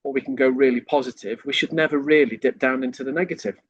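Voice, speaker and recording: A man's voice: medium pitch, fast, dry recording, highs cut off. A man, a sales trainer, explaining in a podcast conversation and acting out lines a customer might hear.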